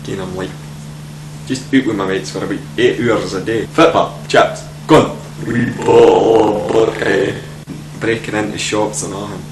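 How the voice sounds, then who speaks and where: A man putting on a gruff Scottish ned voice, full of swearing. He speaks low. The room is echoey, with an air-conditioning hum behind him. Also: steady tone, a little slow, natural voice. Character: young man faking a tough ned voice.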